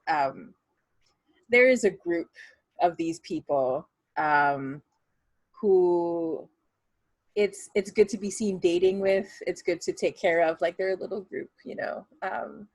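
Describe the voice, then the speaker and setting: Brief: a rambling, chatty woman GM with a husky low voice. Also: unhurried, no room sound. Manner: chatty, many fillers and restarts, laughs. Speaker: game master. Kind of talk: narrating a tabletop game.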